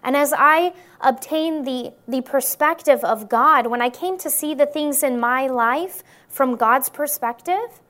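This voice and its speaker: High-voiced woman giving an earnest sermon. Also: fairly bright tone. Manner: earnest, checks in with listeners by asking "right?". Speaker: Christian speaker. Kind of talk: testimony-style sermon talk to an audience.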